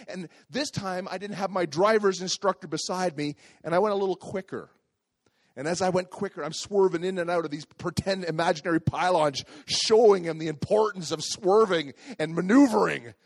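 Animated preacher telling a story. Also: male voice, high voice, moderate pace. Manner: lively, animated storytelling with acted voices. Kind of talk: sermon storytelling.

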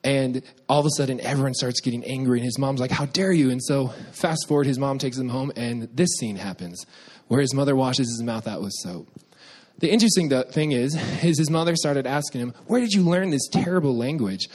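A young man preaching a sermon, telling a childhood story with lively quoted voices before reading scripture. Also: medium pitch, brisk. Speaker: pastor.

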